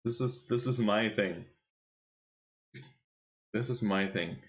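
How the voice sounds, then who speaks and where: A man's voice: fairly low pitch, takes it slowly. A man commentating a chess tournament on his live stream, casually teasing his chat and quizzing viewers. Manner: playful, teasing the chat with quiz questions.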